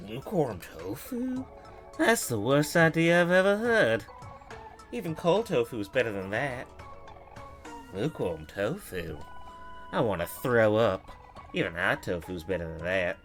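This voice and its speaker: A woman's voice: sing-song, measured pace, pauses often, soft background music, full character voice. A woman voicing a grumbling mole in a video game, disgusted and sneering. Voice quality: low, sneering.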